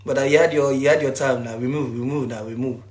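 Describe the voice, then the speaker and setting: A man's voice: medium pitch, fairly even intonation, fast talker. A young man, hosting a casual livestream and ranting at viewers in repetitive slang, talking into a phone. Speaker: livestream host. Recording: echoey room.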